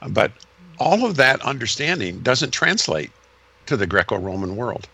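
A man's voice: mid-range voice, big pitch swings, moderate pace, pushed and bright, no room sound. A man explaining church history in a conversation, lecturing in sweeping emphatic runs and correcting himself as he goes.

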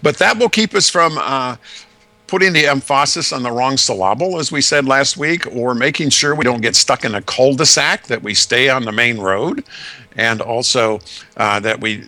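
A man explains Scripture in an earnest, measured way, stacking lists and rhetorical questions. His voice is bright and forward. The sound is dry and close, with no room around it. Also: mid-range voice, no room sound. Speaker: Bible teacher guest. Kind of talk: conversational Bible teaching.

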